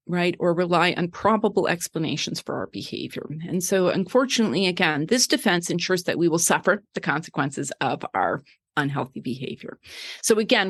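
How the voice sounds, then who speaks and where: A middle-aged woman guest, a wellness coach, explaining ideas in a conversational way, full of fillers and "right?" tags. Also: on the low side.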